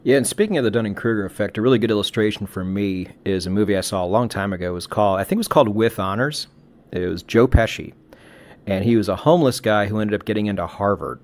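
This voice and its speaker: Low-voiced man giving reflective podcast advice. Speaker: podcast co-host. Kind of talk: casual podcast conversation.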